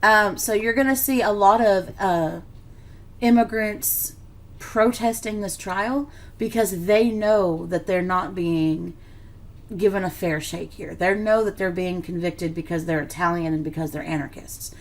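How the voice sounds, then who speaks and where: A woman's voice: on the low side, measured pace. A woman teaching a history lesson in a casual, conversational way, full of fillers and check-ins, a bit tired and yawning. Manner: conversational, filler-heavy, checks in with "okay" and "right". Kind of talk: classroom lecture on slides.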